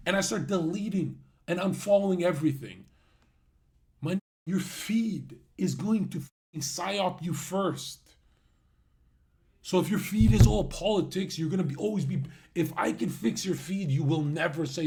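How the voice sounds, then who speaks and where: Male streamer, livestream rant, brash, mocking, swears, laughs at himself, somewhat high pitch. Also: lively intonation, measured pace, vocal fry, a little mellow.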